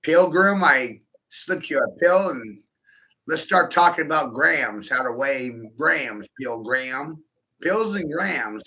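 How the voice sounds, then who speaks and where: Brief: male vlogger, piercing tense tone with some gravel, giggly profane rant, dull lo-fi audio. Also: on the high side, expressive, slow pace, pushed and bright. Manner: profane, giggly, keeps breaking into laughter; rhetorical, addresses the listener directly. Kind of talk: rambling stream-of-consciousness monologue. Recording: dull lo-fi recording.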